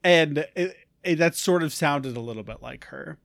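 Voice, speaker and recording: A man's voice: a little high, moderate pace, creaky, no echo, studio quality. A man co-hosting a tabletop gaming podcast, bantering playfully and laughing a lot. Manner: playful, laughs often, animated. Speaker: podcast co-host.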